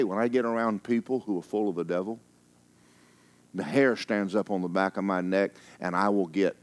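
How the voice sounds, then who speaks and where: A man preaching in a very deep register, moving between emphatic declarations and quiet, hushed asides. He tells stories from the pulpit in a folksy way and teases his congregation now and then. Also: fairly even intonation, normal speed. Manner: folksy and teasing. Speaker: pastor. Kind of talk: sermon.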